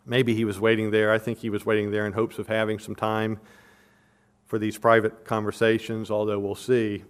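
A man's voice: fairly low pitch, monotone, moderate pace, smooth. A man giving an expository sermon, earnest and emphatic, repeating his questions for stress and explaining verses and verb tenses like a teacher. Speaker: preacher.

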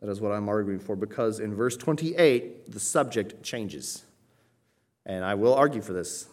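A man's voice: fairly low pitch, expressive, normal speed. A man delivering a teaching sermon in an explanatory manner. He works through a passage carefully, often checking in with his listeners. When he quotes scripture, he lifts his voice for emphasis. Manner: explanatory, checks in with "okay?" and "right?". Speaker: preacher.

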